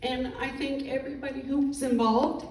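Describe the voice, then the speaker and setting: Middle-aged woman, tearful halting testimony, fairly high voice, echoey distant recording. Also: fairly even intonation, a little mellow. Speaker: veteran speaker. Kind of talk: emotional personal testimony. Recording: echoey room, distant mic, faint noise.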